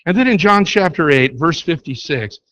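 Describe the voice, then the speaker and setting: A man's voice: on the high side, animated, moderate pace, a bit bright, no room sound. A man teaching a Bible study lesson, explaining in an emphatic way and repeating key words to drive points home. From United States.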